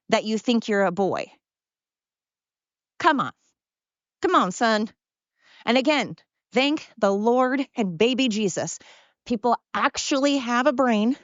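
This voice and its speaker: A woman hosting a podcast in a casual monologue, excited, brash and mocking, swearing freely. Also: on the high side, no room sound, dull audio. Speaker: podcast host.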